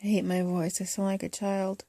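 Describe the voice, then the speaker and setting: A woman filmmaker speaking in a soft, halting, hesitant way, in confessional documentary talk. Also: mid-range voice, monotone, dry recording, clean studio sound. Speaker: first-time filmmaker.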